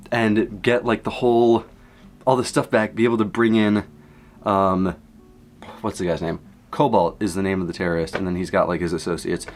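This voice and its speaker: A young man casually recapping a movie from memory, rambling and excitable, jumping from low asides to high exclamations. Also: moderate pace, slight background noise. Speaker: content creator.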